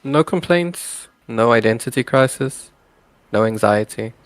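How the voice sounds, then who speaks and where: A man's voice: mid-range voice, expressive, measured pace, no room sound, natural voice. A man voicing an easygoing young male surfer who is upbeat and encouraging, in a video game. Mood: content.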